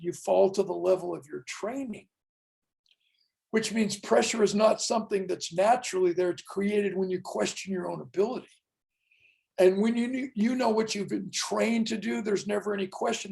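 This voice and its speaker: A man's voice: high voice, gravelly, a little mellow, poor audio. A man in his sixties, a professional speaker, giving a motivational keynote with dramatic storytelling and punchy, emphatic lines. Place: event stage.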